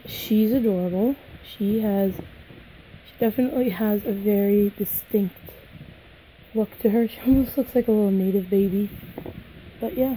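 A young woman vlogging an unboxing in a casual, gushing way, her voice a little hoarse, sometimes dropping to soft whispers. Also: mid-range voice, a little hiss or hum, low-quality recording.

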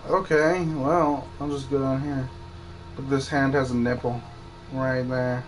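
A man's voice: mid-range voice, flat delivery, measured pace, faint music behind, rough recording. A man streaming a game, chatting to himself and to viewers as he plays. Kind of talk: live game commentary.

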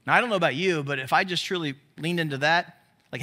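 Male pastor, high bright voice, chatty sermon delivery, quizzes the congregation. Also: quick pace. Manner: conversational, asks the crowd questions. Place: church service.

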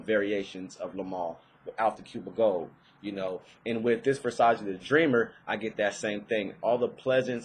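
A man's voice: lowish voice, slightly rough, poor audio. A young man giving a casual, rambling fragrance review, with many fillers and restarts.

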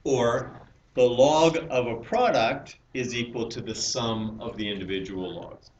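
A man's voice: medium pitch, unhurried, lo-fi sound. A male math teacher lecturing a class, explaining step by step and questioning the students. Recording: roomy, distant classroom mic with hiss.

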